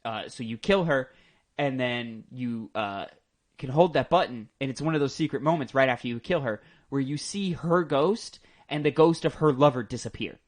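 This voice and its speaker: A man's voice: mid-range voice, normal speed. A young man co-hosting a casual gaming podcast, enthusiastic and rambling, with plenty of ums and likes. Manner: enthusiastic, rambling with many fillers. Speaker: podcast co-host.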